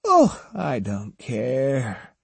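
A sly, teasing woman of the night, put on by a male reader in an audiobook. She mocks and coaxes in a high, sing-song lilt, her tone swooping up and down. The voice is husky and close, in a dry room. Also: huge pitch swings, very slow, dry recording, heavily acted. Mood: seductive. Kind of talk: audiobook character voice.

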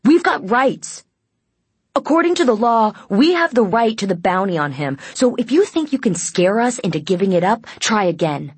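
A woman putting on a defiant young man who shouts up at authority, his voice jumping high and loud. He sounds indignant and forceful, a storybook hero refusing to be scared. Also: big pitch swings, normal speed, breathy edge, dry recording. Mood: defiant shouting.

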